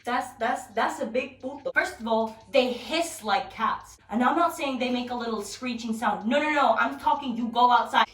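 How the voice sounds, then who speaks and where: A young woman vlogging at home in a blunt, profane, animated rant, recorded from a distance with background music. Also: a little high, moderate pace, few pauses. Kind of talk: casual rant to camera. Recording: roomy, distant from mic, music behind.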